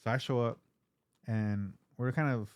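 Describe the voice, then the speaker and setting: A man's voice: medium pitch, measured pace, a little mellow, clean tone, no echo. A man hosting an interview, telling casual stories with plenty of swearing and acted-out quotes. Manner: laid-back storytelling with lots of swearing and acted-out quotes. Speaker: podcast host.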